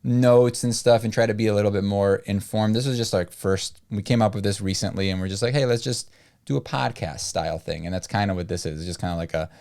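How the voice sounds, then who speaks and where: A man's voice: fast talker, hardly any pauses, clean tone. A man co-hosting a casual podcast-style chat, rambling with lots of fillers. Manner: rambling, filler-heavy, lively pitch swings. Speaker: podcast co-host.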